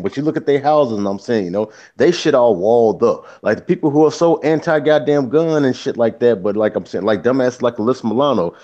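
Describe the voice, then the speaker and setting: Animated profane man on dull audio. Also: medium pitch, fairly quick, few pauses. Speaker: podcast co-host. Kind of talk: casual political chat.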